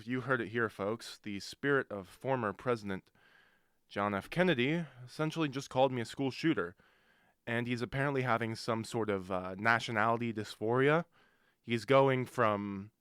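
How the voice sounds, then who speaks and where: A young man hosts a college radio show, chatting casually into a studio microphone in a medium-pitched, fairly bright voice at normal speed. He rambles, cuts himself off, and cracks jokes. The tone is clean and the recording dry.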